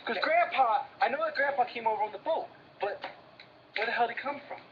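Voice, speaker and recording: Brooklyn guy, high register, blunt and stammery, co-hosting with his brother; dull lo-fi sound. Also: brisk, background noise. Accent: Brooklyn New York. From Brooklyn, New York. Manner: stammering restarts, blunt street talk. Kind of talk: casual banter between brothers.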